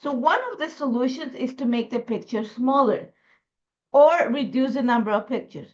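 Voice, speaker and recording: Here the Ecuadorian crafting host speaks at normal speed in a high voice, and the audio sounds dull. Spanish is her first language and her accent is Ecuadorian. She chats casually and rambles with lots of fillers while struggling against a cough from an irritated throat.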